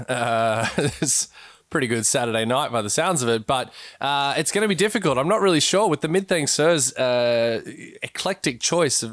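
A man's voice: medium pitch, fairly bright tone, no room sound, studio quality. A man doing casual, chatty co-commentary on a simulated cricket match. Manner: loose and chatty, with fillers and laughs.

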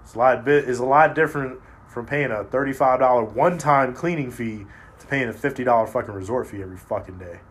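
A man's voice: medium pitch, quick pace, breathy edge. Blunt, profane man in casual chat. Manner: profane, blunt, animated storytelling.

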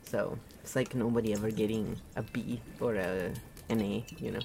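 A woman's voice: very deep voice, fairly even intonation, normal speed, gravelly, noisy background. A woman from Italy giving a casual, rambling spiritual talk, often laughing at her own jokes. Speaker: podcast host.

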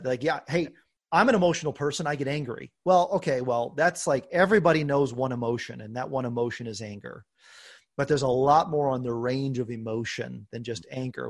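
A man hosting a podcast, talking earnestly and openly about his own life, with bursts of laughter and animated emphasis. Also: mid-range voice. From United States. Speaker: podcast host. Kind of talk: conversational podcast talk.

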